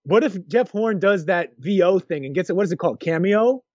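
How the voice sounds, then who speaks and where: A man co-hosting a casual sports chat, rambling and restarting his sentences with lively energy, on a dull lo-fi recording. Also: sits high, fairly quick, no echo. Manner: rambling, lots of restarts, animated. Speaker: podcast co-host. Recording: dull lo-fi dry sound.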